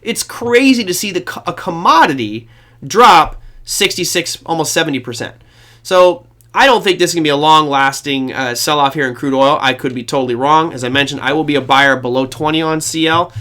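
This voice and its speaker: A man's voice: a little high, fairly quick, sharp tone. A man hosting a trading show, giving casual, rambling market commentary to his viewers with a self-deprecating touch.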